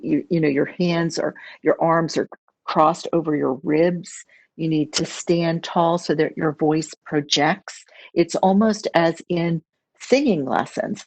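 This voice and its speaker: A middle-aged woman presenting a webinar as a public speaking trainer, measured and instructive, repeating key phrases. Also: low-pitched, gravelly, no echo. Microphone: video call.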